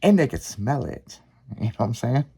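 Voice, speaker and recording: A man hosting a podcast, telling a long story in casual, profanity-laced chat with lively, rambling delivery. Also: medium pitch, normal speed, creaky, breathy edge. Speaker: podcast host.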